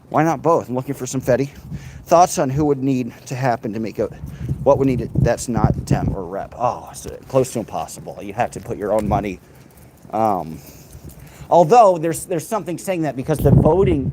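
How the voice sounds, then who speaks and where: A rambling, sarcastic man chats to his live stream on a handheld phone as he walks down a city street. He swears freely and drifts between points. Steady traffic noise runs behind his voice. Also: mid-range voice. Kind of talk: casual live stream chat. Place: outdoors on a city street, walking.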